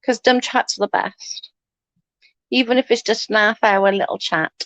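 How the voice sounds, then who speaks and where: A woman's voice: on the high side, steady tone, moderate pace, fairly bright tone, dry recording. A middle-aged woman, chatting casually on a livestream and telling funny family stories, laughing often and swearing freely. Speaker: livestream host. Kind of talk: casual storytelling chat.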